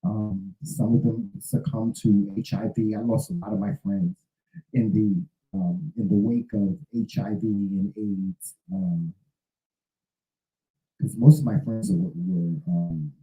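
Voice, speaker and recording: Dark-voiced man in his fifties, rambling. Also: fairly low pitch, fairly even intonation, slow, echoey room, faint music behind, poor audio. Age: 50s. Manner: rambling, repeats words and restarts often. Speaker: show host. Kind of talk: casual spoken monologue.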